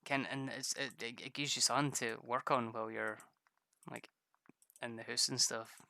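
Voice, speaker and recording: A man's voice: mid-range voice, level tone, moderate pace, vocal fry, sharp tone. A man chatting casually while streaming a game, rambling, stammering and laughing often. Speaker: gaming streamer. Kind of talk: casual gameplay chat with viewers.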